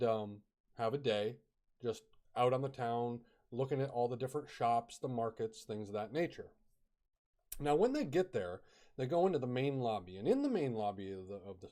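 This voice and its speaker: A man's voice: mid-range voice, warm tone. A man casually telling a ghost story, chatty, with fillers and bursts of dramatic emphasis.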